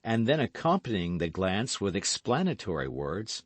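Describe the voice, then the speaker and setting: Expressive male audiobook narrator. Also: deep voice, measured pace, hardly any pauses, no room sound. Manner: expressive, storytelling. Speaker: audiobook reader. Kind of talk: scripted narration.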